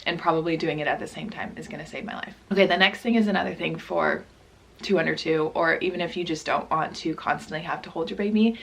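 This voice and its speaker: A young mom with a slightly low voice talks casually to camera at home. Her throat is dry and hoarse, and she keeps her volume down so she won't wake anyone. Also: fast. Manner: chatty, apologetic, lowers voice to stay quiet. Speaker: parenting vlogger. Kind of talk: casual vlog talk to camera. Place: at home indoors.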